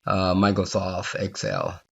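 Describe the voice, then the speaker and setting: A man teaching a software tutorial while he debugs on screen, thinking aloud, repeating phrases and asking the viewer if they see it. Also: sits low, sing-song, slow pace, vocal fry, dull audio, a little hiss or hum. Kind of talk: unscripted screen-recorded coding walkthrough.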